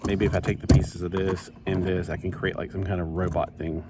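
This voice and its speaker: Low-voiced rambling man. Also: a little fast. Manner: rambling, chatty, self-interrupting. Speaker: toy builder vlogger. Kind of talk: casual chat while building. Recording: steady background noise.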